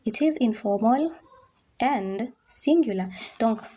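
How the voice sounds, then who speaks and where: Female French tutor, mellow tone, patient and repetitive, often checks in with the class. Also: a little high, animated. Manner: patient, drills pronunciation slowly, checks understanding. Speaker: French teacher. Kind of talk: online language lesson.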